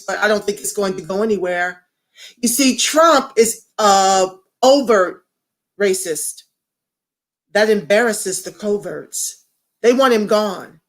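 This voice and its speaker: A woman's voice: medium pitch, a bit bright. A woman hosting a casual livestream, talking straight to viewers and greeting commenters by name. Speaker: livestream host.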